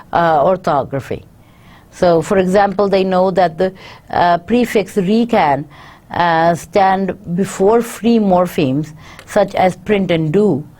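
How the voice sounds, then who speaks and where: Woman lecturer w/ a lowish mellow voice, says stuff twice w/ lots of uhs. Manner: explains each point twice, many fillers. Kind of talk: university lecture, reading and paraphrasing.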